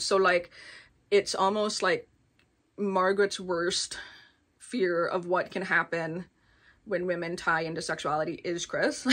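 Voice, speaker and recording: A woman giving a casual, rambling book review, full of filler words and quick laughs. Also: lowish voice, a bit bright. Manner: chatty, rambling, many filler "like"s, laughs often.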